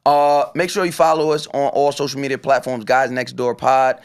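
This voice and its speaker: A man's voice: mid-range voice, little pitch movement, normal speed, clear, resonant tone. A young man hosting a podcast, joking and teasing his co-hosts between show plugs. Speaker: podcast host. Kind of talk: casual podcast banter.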